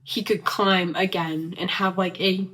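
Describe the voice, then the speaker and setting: A woman's voice: on the low side, steady tone, unhurried, fairly bright tone. A young Southern woman talks through her reading week in a loose, chatty vlog voice. She gushes and rambles, peppering her sentences with fillers as she goes. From the American South. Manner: chatty and gushing, lots of "like". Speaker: book vlogger. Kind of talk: casual reading vlog chat.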